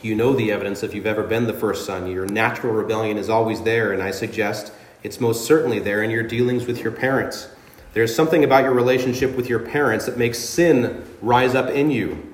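A man's voice: lowish voice, a little fast, echoey room. A man preaching a sermon as pastor, speaking earnestly and emphatically, with dramatic readings of scripture. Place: church sanctuary.

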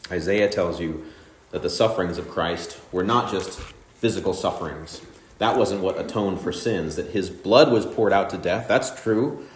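A man preaching a sermon, walking through a passage with measured, emphatic phrasing. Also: sits low, reverberant. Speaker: pastor.

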